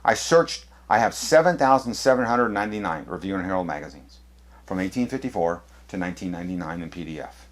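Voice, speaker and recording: A man's voice: low-pitched, expressive, quick pace. A man presenting an apologetics lesson to camera, speaking emphatically with many fillers and restarts as he points through books. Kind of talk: lecture showing books to camera.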